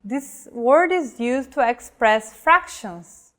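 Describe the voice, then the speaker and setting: Slow, careful woman teacher. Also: on the high side, expressive, a bit bright. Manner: slow, careful delivery, modelling example words. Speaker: language teacher. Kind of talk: scripted lesson narration.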